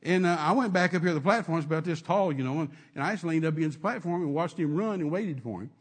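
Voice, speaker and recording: A male preacher tells a sermon story in an emphatic, repetitive way, circling back over his words. His voice is husky and sits fairly high for a man. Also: quick pace.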